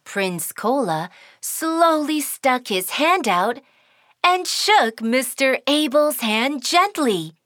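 A woman's voice: high-pitched, lively intonation, slow pace, fairly bright tone, no room sound, clean studio sound. Sing-song woman narrating a kids' cartoon. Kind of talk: scripted children's story narration.

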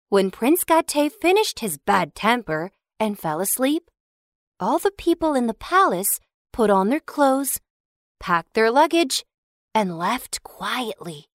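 Slow, sing-song woman storyteller. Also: on the high side, dry recording, clean studio sound. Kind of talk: children's storybook narration.

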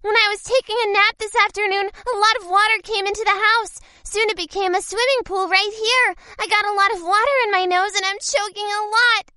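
A woman voicing an anxious little female squirrel in a children's storybook, squeaky and pleading. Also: fairly even intonation, fairly quick, few pauses, pushed and bright, no echo, clean studio sound.

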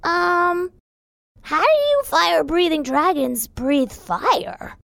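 A high, gravelly little fire elf boy, as a woman plays him in a children's audio story, proud and sure of himself. His lines come slow and lively in pitch, recorded close and dry. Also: dry recording, full character voice. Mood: confident. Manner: confident, a bit boastful. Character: cocky small male fire elf, wise and proud.

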